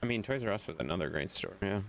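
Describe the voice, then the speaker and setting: A man's voice: sits low, expressive, rapid-fire, creaky, slight background noise. A man streaming a game, chatting loosely with viewers, swearing and laughing often. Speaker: gaming streamer. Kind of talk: casual chat while playing.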